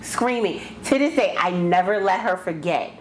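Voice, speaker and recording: A woman co-hosting a casual chat show, telling animated stories and acting out what people said. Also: on the low side, normal speed. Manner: animated storyteller, acts out quotes. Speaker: podcast co-host. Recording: echoey room, faint noise.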